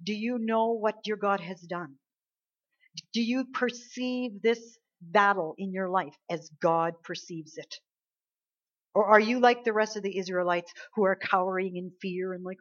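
Woman preacher, mid-pitched, emphatic, exhorting, slightly dull lo-fi sound. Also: a little slow. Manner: emphatic, exhorting, rising and dropping in volume. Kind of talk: sermon.

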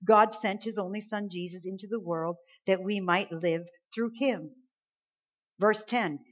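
A woman preaching a sermon, dropping to soft, low lines and then rising into loud, drawn-out emphasis. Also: dull audio.

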